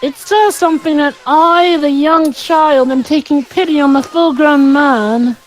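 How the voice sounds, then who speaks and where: A woman's voice: sits high, measured pace, faint music behind, low-quality recording. A woman voicing a young boy king with a dry, teasing manner in a fan-voiced game playthrough. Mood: wry. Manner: wry, teasing.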